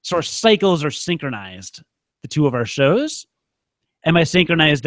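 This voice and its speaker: A man's voice: high-pitched, very animated, normal speed, no echo, clean studio sound. A man co-hosting a podcast in casual chat, rambling and joking at his own expense. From United States. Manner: rambling, self-mocking, joking. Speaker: podcast co-host.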